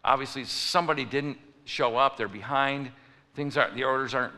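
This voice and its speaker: A man's voice: medium pitch, steady tone, fairly quick, bright, forceful tone. A man preaching a sermon, telling stories and acting out the people in them. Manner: storytelling preacher, acts out voices. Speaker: pastor. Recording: long reverb of a large hall.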